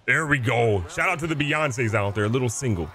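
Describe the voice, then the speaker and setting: A young male gaming YouTuber gives casual, playful commentary while playing a baseball video game, boasting and poking fun at himself. His fairly quick voice is bright and forceful, with lively intonation and a medium pitch.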